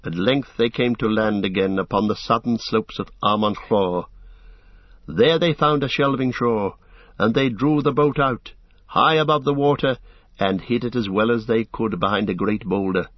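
A man reading a storybook aloud as narrator, in a steady, measured way. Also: on the low side, dry recording. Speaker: audiobook narrator. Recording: dull lo-fi dry recording.

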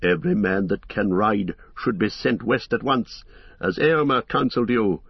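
A man voicing a stern, wise old male wizard with a husky voice, giving measured, grave counsel in a storybook reading. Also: on the low side, dry recording, dull audio.

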